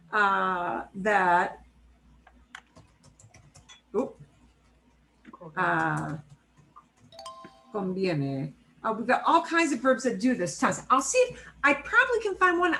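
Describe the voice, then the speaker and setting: A woman with a fairly high voice teaches a class over a video call. She is chatty and explains at length, with many asides. She keeps checking in with her students. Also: sharp tone, poor audio. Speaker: Spanish teacher. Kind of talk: casual online class teaching.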